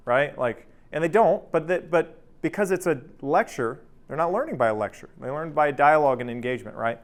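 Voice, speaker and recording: This thirty-something man has a slightly high voice and a brisk delivery with few pauses. He leads a casual workplace workshop, chatting conversationally, asking "right?" again and again, and bringing his anecdotes to life with energy.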